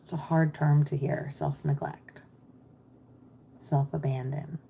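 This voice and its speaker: A woman's voice: very deep voice, big pitch swings, slow pace, gravelly, warm tone, slight background noise. A middle-aged American woman coaching live on a stream, chatty and reassuring as she reads questions and replies to the chat. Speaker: mindset business coach. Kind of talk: livestream coaching talk.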